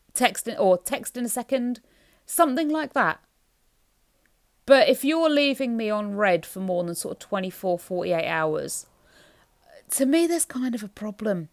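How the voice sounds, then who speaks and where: A woman's voice: medium pitch, no room sound, studio quality. A woman, rambling candidly to camera at home as a home vlogger, musing aloud in a self-deprecating way. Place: home bedroom.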